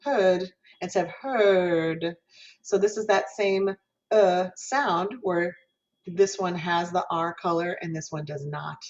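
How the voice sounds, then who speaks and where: A woman's voice: lowish voice, dull audio. A woman professor giving a lecture on singing diction, explaining patiently, demonstrating vowel sounds aloud and asking the class questions. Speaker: music education professor.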